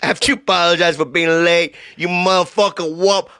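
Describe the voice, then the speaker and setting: A man's voice: sits high, fairly even intonation, fairly quick, pushed and bright, dry recording. A man playing a stern crime boss in a mock film scene, curt and dismissive. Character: stern male crime boss who hates lateness.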